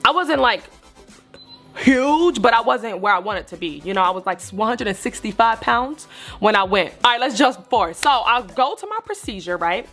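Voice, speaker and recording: A young woman talks straight to her viewers about something personal. She is candid and animated and swears freely. Faint music plays under her voice. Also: on the high side, moderate pace. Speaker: vlogger telling a personal story. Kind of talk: casual storytelling to viewers.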